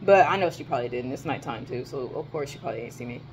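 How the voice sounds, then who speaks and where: A young woman telling a rant in a casual vlog from her dorm, animated and profane, her voice jumping high when she exclaims. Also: very fast, a little hiss or hum. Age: young adult. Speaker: vlogger.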